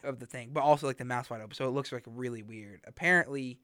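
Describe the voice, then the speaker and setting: A man's voice: mid-range voice, quick pace, sharp tone, smooth, no room sound. A young man hosting a college radio podcast, chatting casually in a small studio and rambling with lots of fillers. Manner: rambling, filler-heavy, laughs often. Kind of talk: casual chat.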